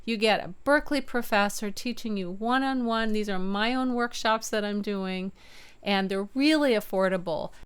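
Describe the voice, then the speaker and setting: Smooth-voiced woman voice teacher. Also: medium pitch, normal speed. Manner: upbeat, demonstrates chest and head voice by singing. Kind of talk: video voice lesson. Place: home studio with keyboard.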